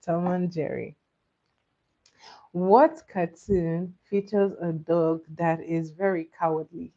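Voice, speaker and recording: A young woman hosting a casual cartoon trivia quiz, who laughs often and repeats her questions slowly. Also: lowish voice, fairly even intonation, dark tone, muffled recording. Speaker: quiz host.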